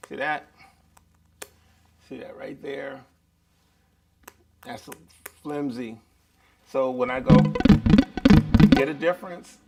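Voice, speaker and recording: A man teaching a live beginner guitar lesson, chatty and relaxed, talking straight to his viewers. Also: mid-range voice, slow pace, gravelly, pauses often.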